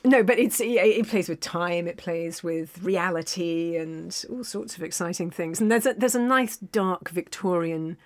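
An actress chatting in a lively, self-deprecating way about her work. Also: lowish voice, unhurried, few pauses. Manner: animated, laughing, self-deprecating. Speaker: actor. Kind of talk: casual chat.

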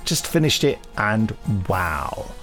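A man co-hosts a podcast, chatting casually with a relaxed, joking manner. He reads messages and rambles into asides. Faint music sits behind him. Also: on the low side, takes it slowly. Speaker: podcast host.

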